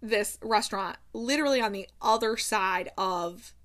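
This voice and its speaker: A woman vlogging about a book she loves, retelling the story with excitement and reading passages aloud. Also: medium pitch, moderate pace. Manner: gushing, retells scenes with excitement.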